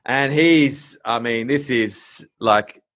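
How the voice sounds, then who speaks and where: A man's voice: mid-range voice, takes it slowly, a bit bright. An Australian man hosting a podcast, telling a story in a chatty, laughing way with plenty of fillers. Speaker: podcast host. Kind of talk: casual storytelling chat.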